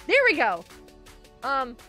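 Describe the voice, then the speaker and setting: Very high-voiced, bubbly woman streamer. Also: takes it slowly, faint music behind. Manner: excitable, gushing thanks, frequent giggles. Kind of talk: casual live gaming stream chat.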